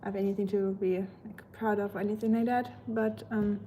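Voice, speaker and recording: Brisk and flat, with a warm medium-pitched voice and a faint hiss or hum, a young German woman chats with viewers on her casual livestream. She reads their comments aloud, rambles with lots of fillers and comes across as tired.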